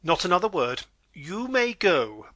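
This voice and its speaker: A man plays a pompous, blustering aristocratic father, all lordly bluster and indignation. His voice leaps about with animated, lively pitch and a bright, forceful edge. Recorded dry and close. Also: unhurried, no room sound, full character voice. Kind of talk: amateur audiobook drama reading.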